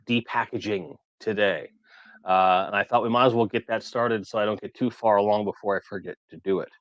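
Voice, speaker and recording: A man's voice: on the low side, dry recording. A man hosting a toy collecting livestream, chatting casually and reading viewer comments aloud in a rambling way.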